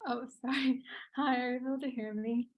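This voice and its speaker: A medical student woman introducing herself softly on a video call. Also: on the high side, steady tone, a little fast.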